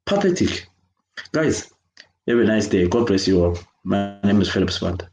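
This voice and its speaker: A man's voice: fairly low pitch, steady tone, brisk, roomy sound, loud music behind the voice, poor audio. A Zimbabwean man speaking out in an impassioned video rant, angry and emphatic, repeating himself as he condemns what he has seen. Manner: angry, emphatic, repetitive, switching between English and Shona. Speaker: children's worker speaking out.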